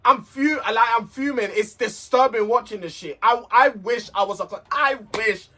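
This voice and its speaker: A man's voice: extremely high pitch, moderate pace, bright, forceful tone, a little hiss or hum. A man recapping a reality show in a casual, heated, sweary rant, repeating himself as he vents.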